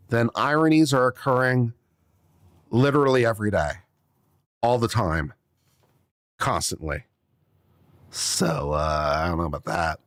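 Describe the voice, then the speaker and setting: A man's voice: mid-range voice, dry recording, clean studio sound. A man, an attorney, reacting to a legal brief in casual commentary, sarcastic and exasperated. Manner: sarcastic, exasperated, acts out little scenes.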